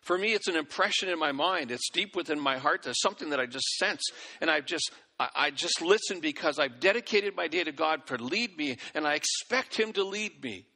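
A man's voice: a little high, expressive, brisk, hardly any pauses, sharp tone. A male preacher giving a sermon, exhorting and folksy, with acted-out asides, in a church hall. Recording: long hall reverb.

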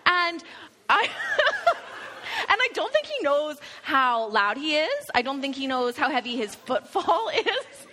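A woman's voice: high voice, huge pitch swings, takes it slowly, bright, forceful tone, long reverb tail, low-quality recording. A woman teaching at a church service, chatty and teasing, laughing often as she talks. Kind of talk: sermon with light banter.

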